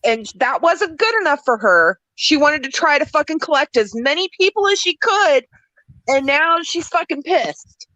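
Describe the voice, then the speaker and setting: A woman's voice: high-pitched, expressive, normal speed, sharp tone, no room sound, rough recording. A woman appearing as a guest on a livestream, venting angrily and swearing often. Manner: angry, profane venting. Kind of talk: upset livestream chat.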